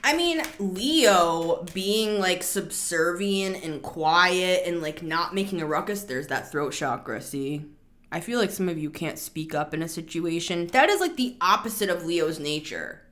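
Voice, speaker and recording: A woman's voice: fairly low pitch, unhurried. Chatty rambling tarot reader, woman. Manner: chatty, rambling, animated asides. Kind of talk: casual tarot reading.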